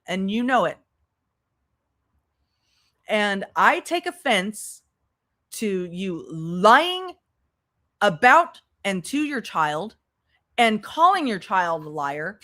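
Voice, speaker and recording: A woman's voice: mid-range voice, a bit bright. A woman hosting a commentary livestream, sarcastic and exasperated, swearing as she talks to her chat. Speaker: commentary channel host.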